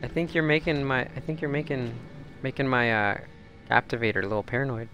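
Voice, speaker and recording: A man's voice: mid-range voice, fairly even intonation, brisk, pushed and bright, soft background music. A man playing a horror game with a partner, joking and reassuring her as they play. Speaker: co-op game player, channel host. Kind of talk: casual gameplay commentary.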